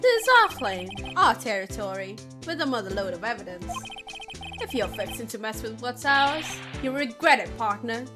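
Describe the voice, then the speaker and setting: A woman's voice: a little high, big pitch swings, moderate pace. A woman voicing a swaggering male cowboy detective with a folksy drawl, over game music.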